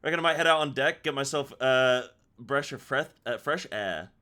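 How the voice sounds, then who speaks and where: A man's voice: medium pitch, normal speed, bright, forceful tone, smooth, natural voice. A man voicing a chatty male merchant on a ship, reading game dialogue aloud in his own voice. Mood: friendly.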